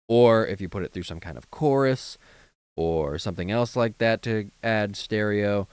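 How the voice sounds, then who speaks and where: Tired late-night streamer, man, lowish smooth voice, rambling feedback, close dry mic. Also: dry recording. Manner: rambling, full of fillers and restarts, gives mixing tips. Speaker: streamer reviewing a viewer's song. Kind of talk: casual feedback chat on a livestream.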